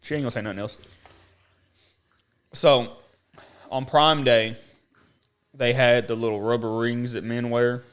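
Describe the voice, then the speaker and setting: An animated man co-hosting a casual podcast, talking in a mid-range voice. He tells his story with rising energy and jumps up high when he imitates other people. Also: a little slow, long pauses, clean tone. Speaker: podcast co-host.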